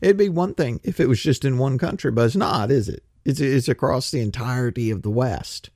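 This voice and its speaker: A man's voice: mid-range voice, brisk, warm tone, no room sound, studio quality. A man giving casual, sarcastic commentary, full of rhetorical questions and stammered restarts. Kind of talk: casual political commentary chat.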